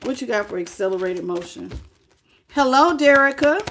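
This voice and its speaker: Tarot reader, woman, higher voice, chatty livestream host reading cards. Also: moderate pace, a little hiss or hum. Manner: casual, animated, greets live chat.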